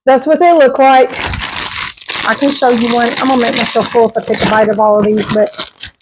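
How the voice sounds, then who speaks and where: A middle-aged woman, talking casually to her viewers in a voice that sits a bit higher than most. She rambles from one thought to the next and laughs often. She is recorded at home on a clip-on mic. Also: steady tone, brisk, noisy background. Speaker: vlogger. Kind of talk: casual chat to camera. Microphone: clip-on microphone.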